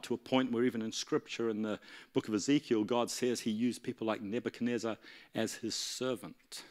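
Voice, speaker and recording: A man preaching in a church, telling a story animatedly and acting out the dialogue. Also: mid-range voice. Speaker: pastor. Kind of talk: storytelling sermon.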